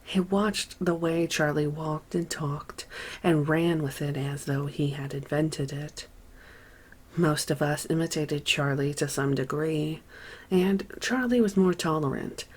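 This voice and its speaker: Low, slow-reading woman narrator. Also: steady tone, a little mellow, breathy edge. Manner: measured and unhurried, with deliberate pauses. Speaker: audiobook narrator. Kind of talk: reading a memoir aloud.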